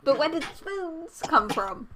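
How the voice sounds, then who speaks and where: A woman's voice: high voice, sing-song, slow, bright, forceful tone, a little hiss or hum. A young woman streaming live, chatting casually to her chat and repeating silly noises in a goofy, playful way.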